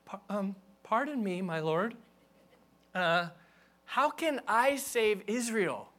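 A nervous, self-doubting biblical man , as a preacher puts him on, stammers and protests in a high, strained voice. His pitch climbs steeply and his delivery sounds bright and tense. He comes across as flustered and pleading. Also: expressive, slow pace, exaggerated voice.

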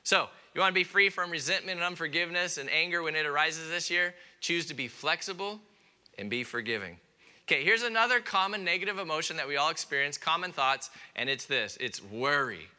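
A man preaching a sermon in an animated way, acting out his listeners' objections in a raised voice and dropping quiet on key points. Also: a little high, brisk. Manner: drops to a quiet, soft delivery on key points. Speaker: pastor.

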